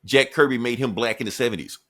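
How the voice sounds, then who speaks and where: A man's voice: mid-range voice, quick pace, bright, forceful tone. A man hosting a podcast, recapping a comic in a laid-back, profane way and laughing often. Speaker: podcast host. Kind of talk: casual comic book recap.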